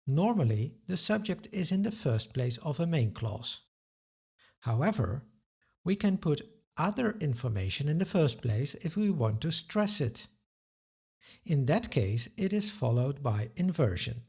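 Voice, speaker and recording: A man's voice: a little high, big pitch swings, unhurried, a little mellow, breathy edge. A male language teacher giving a webinar grammar lesson, explaining answers methodically step by step and carefully sounding out example words.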